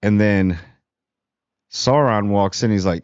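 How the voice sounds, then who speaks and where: A man's voice: on the low side, a little slow, clean tone, no echo. A man hosting a casual spoiler review, talking in slang and acting out the characters' lines. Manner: slangy and animated, acts out character quotes. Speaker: TV review host. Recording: dull lo-fi dry sound.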